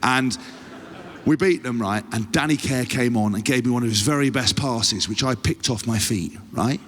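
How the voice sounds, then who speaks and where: A man's voice: medium pitch, moderate pace, fairly bright tone. A man hosting a live podcast, telling a rowdy, profane story and checking in with the audience. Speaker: podcast host. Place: live theatre stage. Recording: live venue with long reverb.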